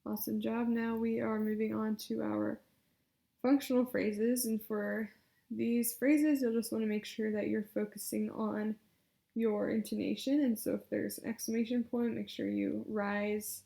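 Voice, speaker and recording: A woman leading speech exercises, coaching patiently with encouragement and loud spoken demonstrations. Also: fairly high pitch, flat delivery, measured pace, vocal fry. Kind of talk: guided exercise instruction. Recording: echoey room.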